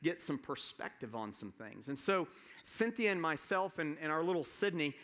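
A pastor from the American South preaching a sermon, telling a personal story in a relaxed, conversational way with halting restarts and asides to the congregation. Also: male voice, on the high side.

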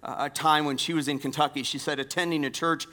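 A pastor giving a sermon, repeating key phrases and dropping from strong emphasis to near-whispers. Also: male voice, fairly high pitch, steady tone, a little fast. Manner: dynamic swings from loud emphasis to hushed near-whispers.

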